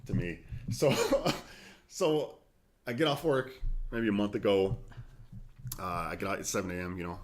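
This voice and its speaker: A man co-hosting a podcast in casual chat, laid-back, swearing and giving shout-outs. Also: lowish voice, animated, moderate pace, pauses often. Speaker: podcast co-host.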